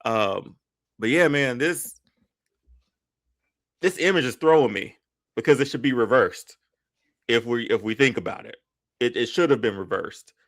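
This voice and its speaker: A man's voice: mid-range voice, unhurried, pauses often, no room sound, studio quality. A man co-hosting a podcast, chatting casually and rambling a little as he searches for words. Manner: relaxed, rambling, repeats words while searching for phrases. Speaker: podcast co-host. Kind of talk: casual wrestling chat.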